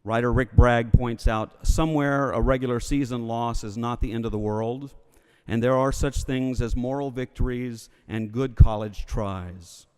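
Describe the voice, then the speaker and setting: A man's voice: mid-range voice, fairly even intonation, measured pace, a little mellow, clean tone. A man from Alabama with a Southern accent, giving a humorous sermon as a preacher in a church. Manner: wry, humorous storytelling. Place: church sanctuary. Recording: long reverb of a church hall.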